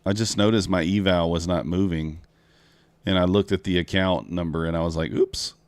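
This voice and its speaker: A man's voice: low voice, fairly even intonation, a little fast, darkish tone, clean tone, no echo. A man chatting casually to viewers while trading futures live, talking them through each move. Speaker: live-streaming futures trader. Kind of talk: casual live-stream commentary.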